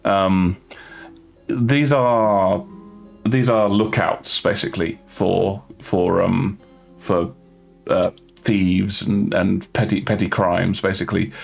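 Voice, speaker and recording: A man narrating as game master of a tabletop game, halting with many fillers and restarts. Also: sits low, steady tone, gravelly, soft background music.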